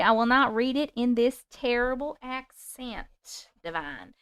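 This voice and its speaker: A woman's voice: on the high side, unhurried, a bit bright, clean tone, no echo. A woman in her forties hosting a livestream, chatting with viewers and reading their stories aloud in a bubbly, casual way. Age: 40s.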